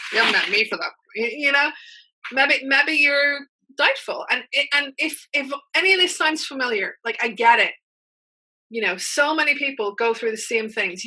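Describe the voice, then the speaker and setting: A woman's voice: on the high side, sharp tone, low-quality recording. A woman coach leading an online workshop, upbeat and chatty, often checking in with her listeners. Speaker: mental game coach.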